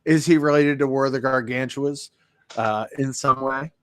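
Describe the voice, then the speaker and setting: A man's voice: mid-range voice, fairly even intonation, moderate pace, clear, resonant tone, no echo. Podcast co-host, adult man, rambling sarcastic movie chat, dry close sound. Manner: rambling, sarcastic, acts out quotes. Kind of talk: casual movie review chat.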